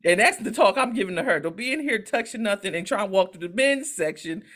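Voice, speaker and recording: A woman co-hosting a podcast, telling a story in a profane, animated, casual way. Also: mid-range voice, fast. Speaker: podcast co-host. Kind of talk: casual chat.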